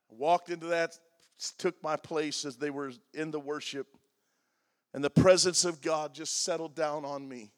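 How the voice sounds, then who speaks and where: A pastor in his sixties preaching a confessional sermon, moving between loud emphatic lines and hushed, soft passages. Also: on the high side, steady tone, moderate pace. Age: 60s.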